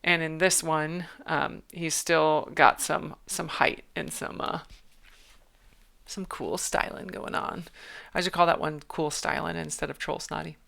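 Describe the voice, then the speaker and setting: A woman's voice: deep voice, level tone, unhurried, creaky, a bit bright. A woman author talking through her story revisions on a livestream, chatty and thinking aloud, amused by her own jokes. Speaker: author and streamer. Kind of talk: livestream writing commentary.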